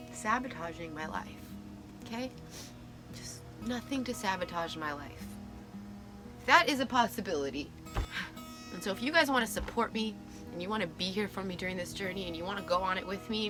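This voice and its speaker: A woman in her thirties talking in a confessional vlog, emotionally raw and near tears, halting, with nervous little laughs. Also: medium pitch. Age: 30s. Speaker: vlogger.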